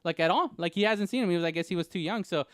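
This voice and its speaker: A man co-hosting a podcast in casual chat, telling stories in an excitable, rambling way. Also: high voice, racing, clean tone, dry recording, clean studio sound. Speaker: podcast co-host.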